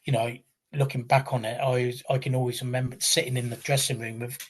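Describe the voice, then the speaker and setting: A man's voice: medium pitch, level tone, fast talker, breathy edge. A man in his fifties from England, a retired wrestler, telling long rambling anecdotes with many restarts and self-deprecating asides. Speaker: guest, retired pro wrestler. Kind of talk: conversational storytelling.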